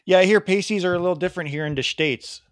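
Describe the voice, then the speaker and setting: Midwestern man doing a bad British host impression, pitched up, chirpy, dry studio sound. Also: fast talker, no room sound, natural voice. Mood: chipper. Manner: clumsy fake accent, stumbling improv. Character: put-on bumbling British male host.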